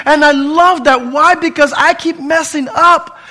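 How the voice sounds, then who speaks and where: A man in his fifties preaching a sermon as pastor, impassioned, swinging between loud appeals and hushed pleading. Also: extremely high pitch, a little slow.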